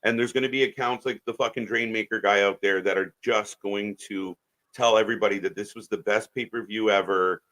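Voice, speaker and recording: A man's voice: fairly low pitch, fairly even intonation, fairly quick, a bit bright. Disgusted man bluntly swearing at a wrestling show. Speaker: co-host of a live wrestling watch-along. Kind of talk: profane live commentary chat.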